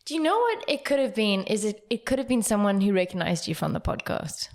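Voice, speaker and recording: A South African woman in her twenties co-hosting a comedy podcast, chatty and quick to laugh. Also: mid-range voice, big pitch swings. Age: 20s. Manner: giggly, chatty. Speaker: podcast co-host. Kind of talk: casual comedic chat.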